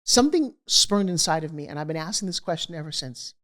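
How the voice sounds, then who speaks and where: Animated middle-aged woman telling her story. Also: low-pitched, fast talker. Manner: animated, acts out quoted voices. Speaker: guest. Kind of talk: candid storytelling interview.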